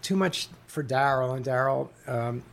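Guy in an interview, gravelly voice, lots of ums and restarts. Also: mid-range voice. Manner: halting, many fillers and restarts. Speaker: author guest. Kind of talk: interview conversation.

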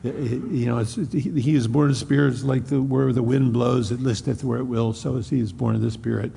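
Man, preacher, gravelly, husky, storytelling sermon, long reverb. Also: medium pitch, steady tone, fairly quick, warm tone. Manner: storytelling, frequent restarts, acts out quotes. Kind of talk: expository sermon.

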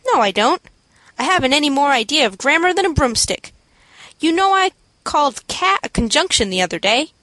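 A woman's voice: high voice, very animated, fairly quick, a bit bright, dry recording, voice pushed up. A woman reading the part of a generous former street boy who talks eagerly in slang.

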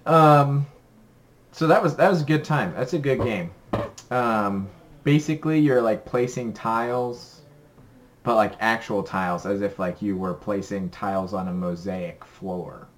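A man's voice: on the low side, unhurried, slight background noise. A young man co-hosting a podcast in casual chat, rambling and upbeat with many ums. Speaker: podcast co-host.

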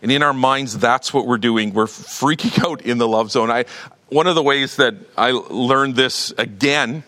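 A man's voice: mid-range voice, measured pace, sharp tone. A middle-aged man preaching a sermon in a conversational, self-deprecating way, with restarts and little laughs. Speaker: pastor.

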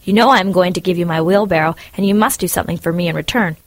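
A woman's voice: lowish voice, racing, no echo. A woman voicing a selfish, self-serving miller in a storybook reading, who talks in a preachy, sanctimonious way about friendship. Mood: pleading.

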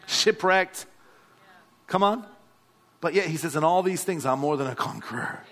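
A man's voice: fairly high pitch, expressive, normal speed, a bit bright. A male pastor, preaching a sermon and calling out to the congregation. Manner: exhorting, calls out to the congregation.

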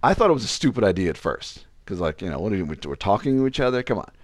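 A man's voice: quick pace, dry recording, clean studio sound. A young man casually telling a personal story on a podcast, acting out the lines of the people in it. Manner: animated, acts out quoted lines with pitch jumps.

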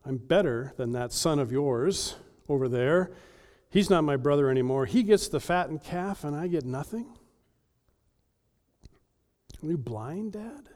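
A preacher putting on a bitter, indignant older brother. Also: male voice, lively intonation, measured pace, a little mellow, long reverb tail. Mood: resentful, indignant. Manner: indignant, rising to high-pitched outrage.

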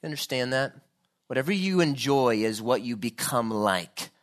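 A man's voice: medium pitch, animated, moderate pace. A man preaching a sermon, earnest and building to fervent pleading.

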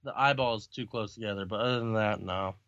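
A man's voice: lowish voice, brisk, a bit bright, no echo, highs cut off. A man casually chatting about a comic book, swearing often and laughing along. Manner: profane, laid-back, laughing often.

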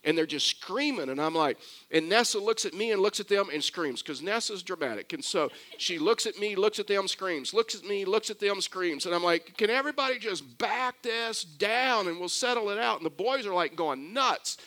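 An older man preaching a sermon, mixing scripture with a lively family story and conversational asides. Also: high voice, normal speed. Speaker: pastor.

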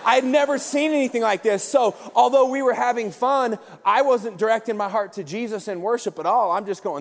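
A man preaching a sermon as comic storytelling, animated and breaking into shouted bursts. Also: very high-pitched, a little fast, few pauses. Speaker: pastor. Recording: long hall reverb.

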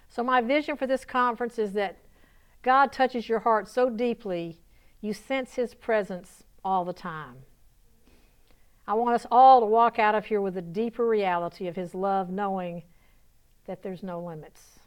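A woman with a Southern US accent preaches in a folksy, conversational way, laughing easily and lifting into excited call-and-response. Her voice is smooth and clear, at an ordinary middle pitch for a woman. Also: a little slow. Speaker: pastor. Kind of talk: sermon. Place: church conference hall.

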